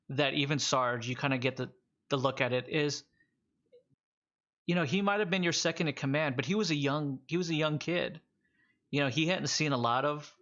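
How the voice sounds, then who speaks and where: A man's voice: mid-range voice, sharp tone, dull audio. A man narrating a tabletop role-playing game as game master, loose and rambling with many restarts.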